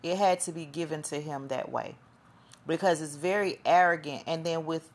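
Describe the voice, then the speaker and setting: Woman podcast host, low gravelly voice, rambling casual monologue. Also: normal speed. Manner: chatty, rambling, loses her train of thought.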